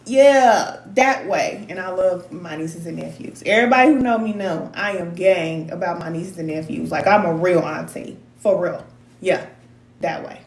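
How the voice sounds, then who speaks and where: A woman's voice: on the low side, normal speed, darkish tone. A middle-aged woman giving spiritual advice to her viewers in a candid, emotional, slangy way. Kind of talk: casual heartfelt talk to viewers. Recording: roomy echoey sound.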